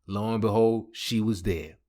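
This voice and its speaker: A man hosting a podcast, telling a comic personal story in slangy, animated talk. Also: fairly low pitch, normal speed. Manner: animated, slangy, laughing asides. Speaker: podcast host. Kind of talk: comedic storytelling.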